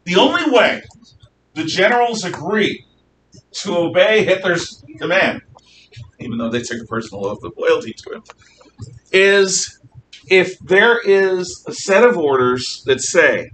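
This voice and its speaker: History teacher guy, bright voice, swoops up and down a lot, mic far off in a classroom, bit of hiss. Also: high-pitched, measured pace. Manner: animated, acts out quotes. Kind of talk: classroom lecture.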